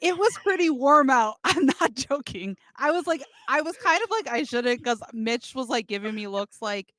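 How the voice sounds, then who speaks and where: A woman co-hosting a podcast tells a story in a casual, chatty way, laughing as she goes. Her voice is a little high with a fairly bright tone, at a moderate pace, in a dry recording.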